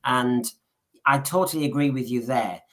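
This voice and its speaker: A man's voice: mid-range voice, moderate pace, fairly bright tone. A man co-hosting a podcast in casual chat, rambling along and often restarting his sentences with repeated words. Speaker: podcast co-host.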